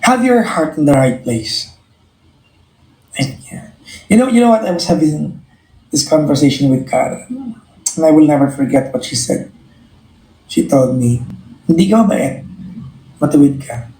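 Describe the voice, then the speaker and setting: A man's voice: on the high side, very animated, moderate pace, long pauses, a little mellow, roomy sound, poor audio. A man with a Filipino accent hosting a live stream, speaking in an earnest, reflective way and often restarting his phrases. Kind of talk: casual live-stream chat to viewers.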